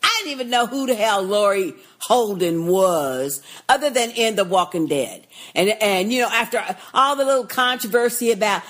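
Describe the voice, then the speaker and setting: A woman's voice: mid-range voice, moderate pace, hardly any pauses. A woman co-hosting a podcast, recapping a TV episode in casual chat, blunt and profane. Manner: blunt, profane, animated and emphatic. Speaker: podcast co-host.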